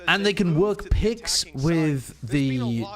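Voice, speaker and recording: Male co-streamer, slightly high voice, animated, jokey watch-party chatter. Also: takes it slowly. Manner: joking, animated, laughs often. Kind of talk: casual esports watch-party chat.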